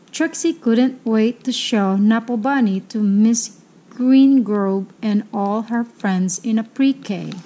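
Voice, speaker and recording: Slow, mellow woman reading a storybook. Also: fairly high pitch, a little hiss or hum. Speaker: storybook reader. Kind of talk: reading a children's picture book aloud.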